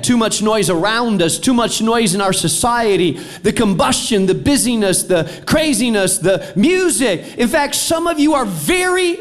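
A middle-aged man preaching a sermon as pastor to a large auditorium, swinging from loud declarations to near-whispers. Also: high-pitched. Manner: preaching with dramatic swings between loud and soft.

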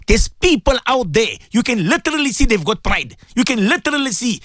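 Impassioned preaching man, lively high voice. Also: a little fast, few pauses, no echo, clean studio sound. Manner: emphatic, repetitive, swings between low solemn and high exclaiming. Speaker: radio presenter giving Islamic advice. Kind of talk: impassioned radio sermon.

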